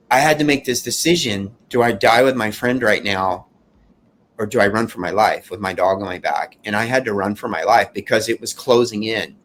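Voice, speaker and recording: Recounting how he survived a fire, a man speaks in the first person with earnest emotion, stopping and restarting many times. His voice sits at a medium pitch.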